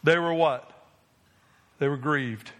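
A man's voice: a little high, slow pace, fairly bright tone. A man from New Jersey preaching a sermon as pastor, emphatic and asking the congregation rhetorical questions.

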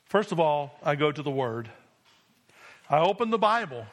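A man's voice: fairly high pitch, big pitch swings, moderate pace, fairly bright tone. A male pastor preaching a sermon in a church, emphatic and insistent, punctuating points with "Amen?". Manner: emphatic preaching with repeated call-and-response "Amen?".

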